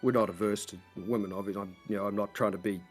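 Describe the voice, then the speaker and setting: A man's voice: fairly low pitch, fairly even intonation, fast, breathy edge, soft background music, voice pushed down. A man voicing an adult male captain of a town guard who hedges and over-explains everything, in a tabletop game. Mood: explaining.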